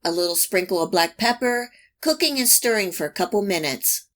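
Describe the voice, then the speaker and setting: A woman hosting a cooking channel, giving calm, even, step-by-step recipe instructions in a scripted voice-over. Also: mid-range voice, fairly quick.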